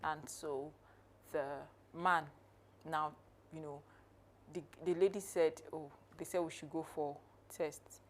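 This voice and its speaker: A woman co-hosting a podcast, telling a story in a measured, unhurried way. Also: low voice, steady tone. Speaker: podcast co-host. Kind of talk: conversational podcast talk, storytelling.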